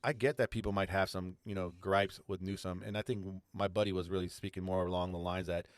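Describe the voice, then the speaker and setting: A middle-aged man from California talks politics as a podcast co-host, his voice sitting low. He rambles and restarts sentences as he thinks aloud. The sound is dry and close, with no room around it. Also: steady tone, a little fast, smooth, dry recording. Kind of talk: casual political discussion.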